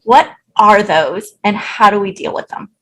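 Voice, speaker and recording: A woman's voice: mid-range voice, unhurried, poor audio. A woman hosting a parenting podcast, summing up her guest's points thoughtfully before asking the next question. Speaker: podcast host. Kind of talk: conversational interview.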